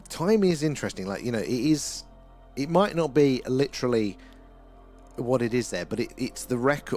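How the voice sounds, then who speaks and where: A man's voice: mid-range voice, a little mellow. A British man hosting a casual night-time livestream outdoors, rambling with many fillers as he chats with viewers. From United Kingdom. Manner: rambling, lots of fillers and repeated "there". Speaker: livestream host reading viewer chat. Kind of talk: casual live-stream chat.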